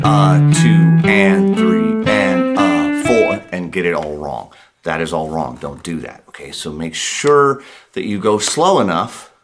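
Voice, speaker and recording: A low-voiced man gives a guitar lesson over soft guitar playing. He talks in a relaxed, reassuring way and doubles up words for emphasis. He counts beats out loud while he plays. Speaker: guitar teacher.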